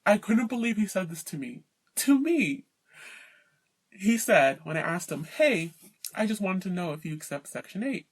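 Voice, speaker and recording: Woman, vlogger, indignant rant, emphatic, worn out, mid pitch. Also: big pitch swings, moderate pace, slightly rough. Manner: indignant, emphatic, mocking impressions of landlords. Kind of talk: personal rant to camera.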